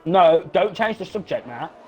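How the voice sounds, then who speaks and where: Excitable race commentator, high voice. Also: male voice, moderate pace, over music. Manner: excitable, swears when frustrated, repeats himself. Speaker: sim racing commentator. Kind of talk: live esports race commentary.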